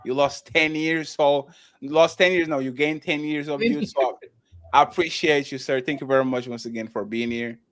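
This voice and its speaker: A man's voice: on the high side, normal speed, no room sound. A man hosting a live-streamed talk show, chatting loosely, stumbling over restarts and thanking viewers by name. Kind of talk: casual live-stream chat.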